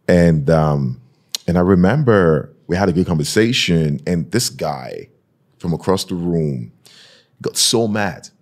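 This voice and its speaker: Deep husky man, lively. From Nigeria. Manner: animated storytelling, expressive. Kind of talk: casual chat.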